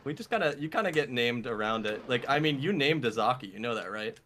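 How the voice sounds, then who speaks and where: A man's voice: medium pitch, lively intonation, fast, fairly bright tone. A young man speedrunning alongside a friend, chatting in an easygoing, teasing way. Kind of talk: casual chat while gaming.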